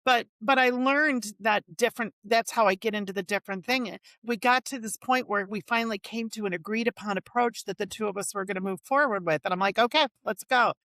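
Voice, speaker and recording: A woman in her forties speaks as an interview guest, frank and emphatic, bringing her stories alive by acting out what people said. Her pitch is middle-of-the-road. The recording is dry and close-miked. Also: a little fast, hardly any pauses, a bit bright, no echo. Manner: frank, emphatic storyteller who acts out quotes. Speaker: guest, finance executive. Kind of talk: casual conversational interview.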